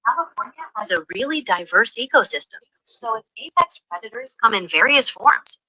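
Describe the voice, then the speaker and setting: A synthetic female voice assistant giving polished, helpful answers in a smooth conversational tone. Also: a little high, very animated, normal speed, bright, forceful tone, low-quality recording.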